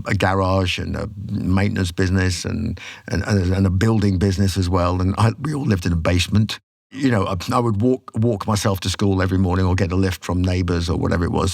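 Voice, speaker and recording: A man, telling stories as a podcast guest in an animated, casual way. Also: low-pitched, vocal fry, no echo, studio quality. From England. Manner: animated storyteller, acts out quotes. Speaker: podcast guest, rock singer. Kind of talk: casual storytelling.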